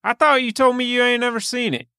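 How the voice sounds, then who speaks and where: A man co-hosting a podcast in casual chat, teasing with dry deadpan humor. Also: very high-pitched, fast talker, smooth, no room sound. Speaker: podcast co-host.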